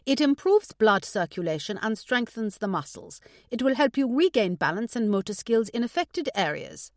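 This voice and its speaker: A woman's voice: a little high, sing-song, normal speed, no echo, clean studio sound, pitched above the performer's own voice. A woman voicing a stout, no-nonsense German nurse in her sixties, explaining firmly. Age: 60s. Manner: no-nonsense, firm.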